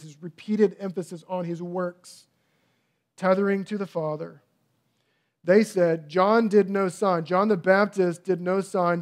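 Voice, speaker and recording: A man's voice: on the high side, creaky, a little mellow. A man pastor preaching a sermon, building fervor through repeated phrases. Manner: preaching with rising fervor and repetition.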